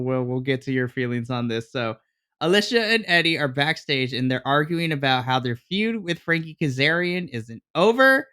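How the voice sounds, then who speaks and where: A man co-hosting a wrestling review podcast, retelling a storyline in an exasperated, animated way with mock dialogue. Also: a little high, smooth. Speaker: podcast co-host. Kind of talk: casual wrestling review chat.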